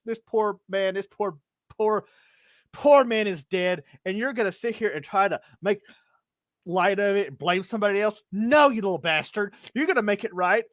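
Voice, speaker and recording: A man's voice: sits high, fairly bright tone, no echo, pitched above the performer's own voice. A man voicing a zealous male cleric, ranting and swearing as he scolds someone. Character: furious zealous male cleric, normally silent.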